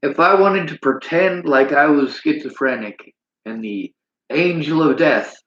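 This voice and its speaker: A man's voice: fairly high pitch, unhurried, fairly bright tone. Man preaching bitterly in a roomy space. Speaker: livestream host. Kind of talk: livestream monologue reading chat comments. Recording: roomy, dull lo-fi sound.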